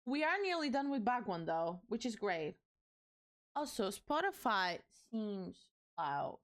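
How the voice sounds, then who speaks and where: A woman's voice: medium pitch, very animated, measured pace. A young woman chatting casually on a live stream as she builds, rambling and talking to her chat, her voice a little strained. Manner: chatty, rambling, self-described yapper.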